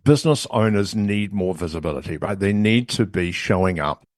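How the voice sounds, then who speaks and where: Middle-aged New Zealand man, podcast guest and voice coach; lowish, close and dry, lively conversational delivery. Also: normal speed, no echo. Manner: animated, often tags lines with "right?". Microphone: studio headphones and mic.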